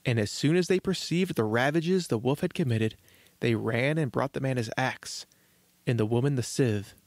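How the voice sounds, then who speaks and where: Man, storybook narration, children's podcast host, measured gentle reading, mid-pitched, dry close sound. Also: no room sound.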